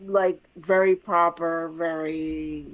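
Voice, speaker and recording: A woman's voice: deep voice, little pitch movement, takes it slowly. Sassy Puerto Rican woman, dull audio. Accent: Puerto Rican Spanish. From Puerto Rico. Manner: sassy, teasing. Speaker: livestream co-host. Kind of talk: casual chat. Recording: slightly dull stream audio.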